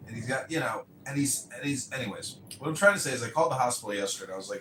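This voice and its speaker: A man, a candidate hosting a podcast, telling rambling, animated stories in casual chat and swearing freely. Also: mid-range voice, very fast, hardly any pauses. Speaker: mayoral candidate and podcast host. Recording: roomy echo with faint ambient noise.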